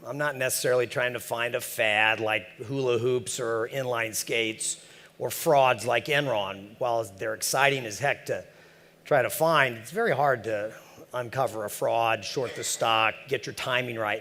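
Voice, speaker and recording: A man of middle pitch giving a casual, joking conference talk, full of fillers and asides. His voice sits in a large hall with a long, echoing reverb. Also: normal speed, bright, forceful tone. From San Francisco Bay Area. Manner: joking, chatty, many fillers. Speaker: conference speaker. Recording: echoey conference hall over PA.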